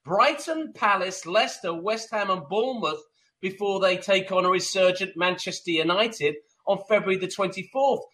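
A soccer pundit co-hosting a radio talk show speaks at normal speed in a high, bright voice with a forceful tone, though the audio is poor. His casual sports talk is emphatic and rambling, full of fillers and restarts.

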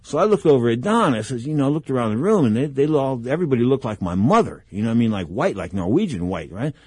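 A man's voice: mid-range voice, very animated, quick pace, darkish tone, breathy edge, dry recording. A middle-aged man hosting a boxing radio talk show, telling rambling stories in an emphatic, chatty, slangy way into a studio microphone.

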